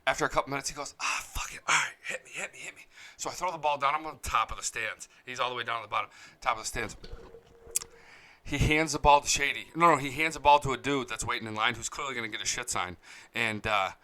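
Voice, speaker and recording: A man's voice: mid-range voice, fast talker, sharp tone. A man hosting a sports show from a studio, telling stories bluntly and with plenty of swearing while he chats casually to his viewers. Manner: blunt, profane storytelling.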